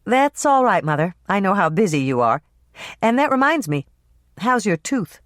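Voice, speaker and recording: Young baker woman, wry and patient, a bit higher, narrator doing her, close dry sound. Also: sing-song, moderate pace, fairly bright tone, dry recording.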